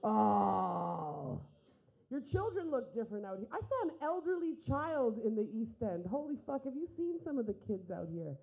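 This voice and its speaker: A woman's voice: high-pitched, big pitch swings, brisk, few pauses, dark tone, dull audio. A young woman doing a stand-up comedy set, brash and profane, acting out the voices of people in her stories.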